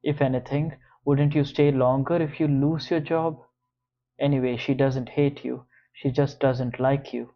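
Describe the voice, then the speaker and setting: A man's voice: mid-range voice, little pitch movement, unhurried, lo-fi sound, close to an everyday voice. A man reading an audiobook, voicing a defensive young college woman in a raised, strained, urgent voice. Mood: pleading.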